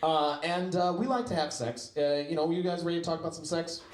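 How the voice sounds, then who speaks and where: A man's voice: fairly high pitch, steady tone, brisk. A man performing a brash, profane stand-up comedy set in a small comedy club. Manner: brash, profane, mimics other people's voices. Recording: echoey club with loud noise. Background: audience laughter.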